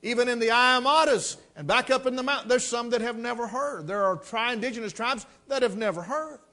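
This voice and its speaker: Man, preacher, folksy sermon storytelling, high voice, bright ringing tone. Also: brisk. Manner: folksy storytelling, rising to emphatic exhortation.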